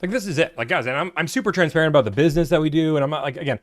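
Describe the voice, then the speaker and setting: A man's voice: a little high, animated, rapid-fire. A man, hosting a livestream from his office, chatting casually and teasing the chat with sarcasm. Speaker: livestream host, car buying broker.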